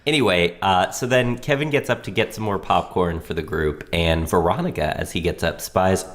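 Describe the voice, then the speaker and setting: A man's voice: deep voice, normal speed. A young man co-hosting a casual TV recap, steadily summarizing the plot with a few fillers. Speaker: podcast co-host.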